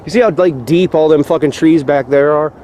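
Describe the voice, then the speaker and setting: A man's voice: fairly high pitch, a little fast, dark tone, slight background noise. A man vlogging on a walk outdoors along a rural trail, ranting and swearing in exasperation. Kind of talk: walk-and-talk vlog rant.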